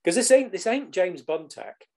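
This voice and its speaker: Middle-aged man, podcast guest, lively and casual, slightly high pitch. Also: moderate pace, creaky. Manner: animated, casual swearing. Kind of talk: storytelling in conversation.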